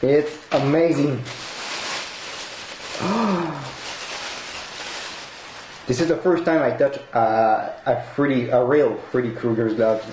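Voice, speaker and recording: A man who is not a native English speaker, unboxing a collectible, excitable, laughing often and swearing in broken English. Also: mid-range voice, normal speed, few pauses. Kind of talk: unboxing vlog. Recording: echoey room with noisy background.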